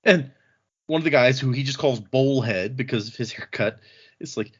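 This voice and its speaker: A man's voice: medium pitch, normal speed, a bit bright, husky. A man hosting a podcast, casually recapping book chapters, laughing often and slipping into voices for quotes. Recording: dull lo-fi sound.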